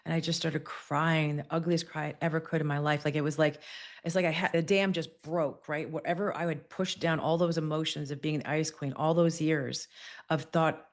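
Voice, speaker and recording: A woman in her forties appears as a podcast guest, her voice notably low, steady, and moderately paced. She shares a candid personal story, acting out the quotes along the way.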